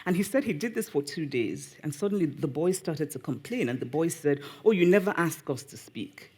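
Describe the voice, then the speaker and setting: A woman with a Nigerian accent speaks at a live public event, answering questions from the audience. She talks in an animated, good-humored way, teasing, and often restarts and corrects herself as she goes. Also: deep voice, a little fast, breathy edge. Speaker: guest author.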